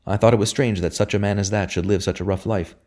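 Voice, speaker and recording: A man's voice: on the low side, fairly even intonation, quick pace, a little mellow, lightly acted. A man reading an audiobook voices an earnest, troubled young man speaking steadily.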